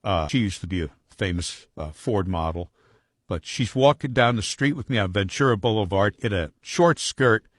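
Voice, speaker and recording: A man's voice: lowish voice, animated, moderate pace, no room sound, studio quality. A man telling a story casually in a blunt, profane way.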